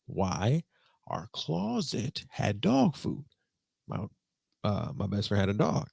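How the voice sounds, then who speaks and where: Animated young podcast host. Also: male voice, slow, creaky, husky, dry recording, studio quality. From Detroit. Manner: animated and slangy, jumps to high excited pitch, mimics voices. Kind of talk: casual solo podcast storytelling.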